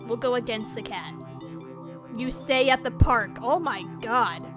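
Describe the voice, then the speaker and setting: A high-pitched woman streamer reads a horror game's text aloud and breaks into quick, jumpy reactions with frequent laughter. Game music plays clearly behind her voice. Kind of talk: live gameplay commentary, reading game text aloud.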